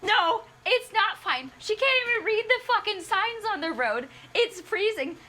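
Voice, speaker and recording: A woman's voice: very high voice, expressive, a little slow, heavy background noise. A woman streamer ranting a profane, sarcastic book review.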